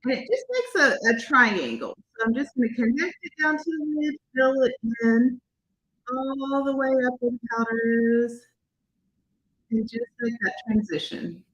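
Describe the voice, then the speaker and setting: Bright, husky woman demonstrating makeup. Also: on the high side, moderate pace, lo-fi sound. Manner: chatty, talks viewers through each step and quizzes them. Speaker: makeup artist demonstrating products. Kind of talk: casual makeup tutorial.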